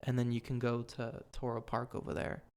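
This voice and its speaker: A man's voice: medium pitch, monotone, brisk, background noise. A young man hosting a podcast, chatting casually and rambling with lots of fillers. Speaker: podcast host. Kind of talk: casual chat.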